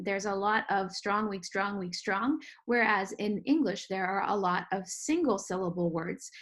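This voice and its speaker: A woman teaching a music lesson for children, who explains clearly and patiently and sounds out rhythms of words. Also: medium pitch.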